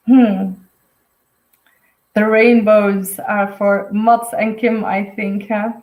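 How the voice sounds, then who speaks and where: A woman's voice: medium pitch, a little mellow, roomy sound, poor audio. A woman giving a live intuitive card reading, rambling and heartfelt, full of fillers. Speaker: intuitive medium. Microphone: webcam or phone on a live stream.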